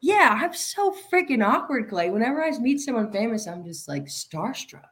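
A woman's voice: fairly high pitch, sing-song, moderate pace. Giggly woman in casual chat. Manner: giggly, self-deprecating, trails off and restarts.

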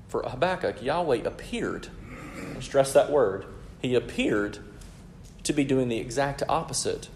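A man's voice: medium pitch, a little mellow. Earnest preaching man, faint hiss. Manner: earnest, teaching tone, asks "right?" often. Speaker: pastor. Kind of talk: sermon.

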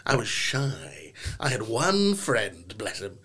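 Here the young Englishman's voice sits on the low side, slow and slightly rough, as he tells stories as a podcast guest in casual conversation. He's playful and theatrical, animating his tales with put-on voices.

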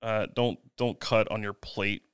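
A man's voice: on the low side, flat delivery, a little slow, a bit bright, clear, resonant tone, no echo. A man co-hosting a podcast, chatting casually with a dry, teasing manner. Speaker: podcast co-host. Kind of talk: casual chat.

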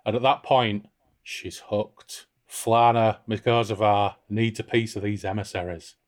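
A man's voice: lowish voice, measured pace. A man co-hosting a book podcast, reading passages aloud expressively and chatting about them casually. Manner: expressive reader, lifts voice for quoted characters. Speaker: podcast co-host reading and discussing a novel.

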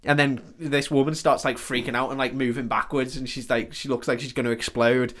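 A man's voice: mid-range voice, flat delivery, brisk, a bit bright. A man on a casual podcast, retelling a film scene with plenty of swearing and laughter. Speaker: podcast co-host. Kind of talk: casual film recap chat.

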